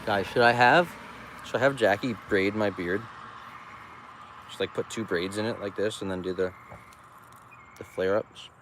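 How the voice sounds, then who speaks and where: A man's voice: fairly low pitch, fairly even intonation, moderate pace, long pauses, fairly bright tone. A man, a farmer selling goods at a roadside stand, chatting casually and joking on a livestream, rambling and often laughing. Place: outdoors beside a busy road. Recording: traffic noise outdoors.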